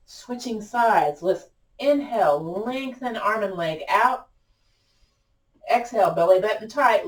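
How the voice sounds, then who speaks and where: A woman leads a gentle yoga class at home in a low, easy voice, cueing each breath and pose. Her friendly, self-teasing chatter rings out in a roomy space. The mic sits well away from her. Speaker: yoga teacher. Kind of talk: guided yoga class instruction. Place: home room with yoga blanket and chair. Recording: roomy sound from a distant mic.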